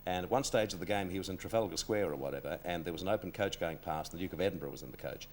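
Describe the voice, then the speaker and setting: A man's voice: sits low, rapid-fire, slight background noise. An Australian man hosting a television talk show, chatting and telling anecdotes with his guest. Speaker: TV variety show host.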